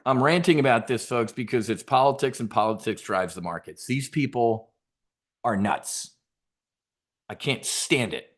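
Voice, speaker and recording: A man at a mid-range pitch rants in a combative, sarcastic way, swearing often. He punches key words with sudden loud bursts. He sounds like a trading show host gone off on a tangent. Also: a little slow. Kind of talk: profane political rant.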